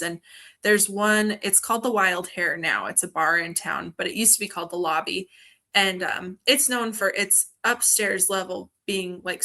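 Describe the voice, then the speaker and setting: A young woman from Montana, a guest on a video-call interview, telling ghost stories in a lively way and laughing often. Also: lowish voice. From Montana, USA. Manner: animated storyteller, laughs often. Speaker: guest, film festival organizer.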